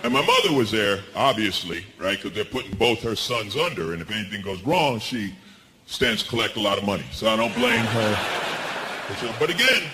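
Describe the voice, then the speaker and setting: A middle-aged man doing a stand-up comedy set, telling stories with animated swings in pitch for punchlines. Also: normal speed, heavy background noise. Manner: animated storytelling, jumps high for punchlines. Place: comedy stage before a laughing audience. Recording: live show with audience laughter.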